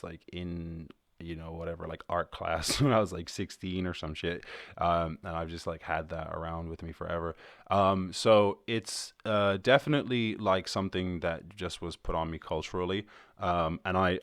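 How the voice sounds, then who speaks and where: A man's voice: low voice, no echo, clean studio sound. A young Irish man in his twenties hosting a podcast, rambling loosely in casual chat, swearing and restarting his sentences. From Ireland. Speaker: podcast host.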